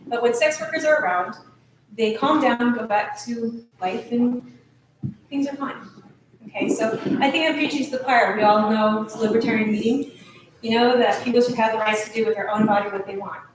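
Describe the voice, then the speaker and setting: A woman's voice: fairly high pitch, moderate pace, a little hiss or hum. A woman giving an earnest, nervous speech at a meeting, with restarts and little laughs, recorded in a hall from a distance. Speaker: speaker at a meeting. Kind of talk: emotional speech. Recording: echoey room recorded from a distance.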